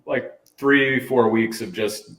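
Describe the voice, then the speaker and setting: A man's voice: medium pitch, steady tone, slow pace, a bit bright. A man who is a guest on a podcast, chatting casually in a rambling, upbeat way with many restarts. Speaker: podcast guest, brand manager. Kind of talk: casual interview chat. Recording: roomy, distant mic.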